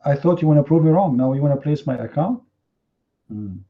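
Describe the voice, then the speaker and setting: A man's voice: on the high side, lively intonation, fairly quick. A man hosting a heated live online debate, confrontational and mocking, firing rhetorical questions in non-native English. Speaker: debate host. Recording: slightly muffled online stream audio.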